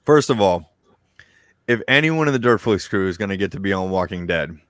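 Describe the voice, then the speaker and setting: A man's voice: low voice, animated, a little fast, dry recording. A man from Virginia hosting a casual chat with friends, laid-back and swearing freely. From USA (Virginia). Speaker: show host.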